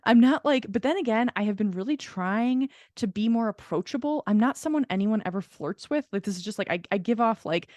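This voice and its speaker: A woman's voice: on the high side, expressive, brisk, few pauses, a little mellow, no echo. A woman co-hosting a podcast in casual chat, telling a long story with lots of laughter and casual swearing. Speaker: podcast co-host.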